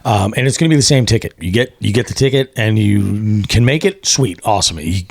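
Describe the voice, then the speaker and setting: A man hosts a podcast in an easygoing, upbeat way. His voice sits low with a gravelly edge. The sound is close and dry. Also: brisk, dry recording. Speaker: podcast host. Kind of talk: casual chat.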